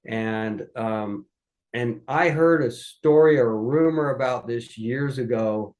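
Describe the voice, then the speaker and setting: A man's voice: medium pitch, slow pace. A man, a podcast guest, casually telling family stories and animatedly acting out the people he quotes. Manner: animated, acts out quoted voices. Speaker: guest recounting family history. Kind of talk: casual storytelling.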